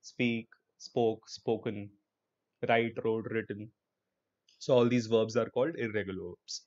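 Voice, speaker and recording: A man's voice: fairly low pitch, fairly even intonation, unhurried, a little mellow, muffled recording. A young male online English teacher with an Indian English accent, teaching a live class in an upbeat, encouraging way and slipping into Hindi.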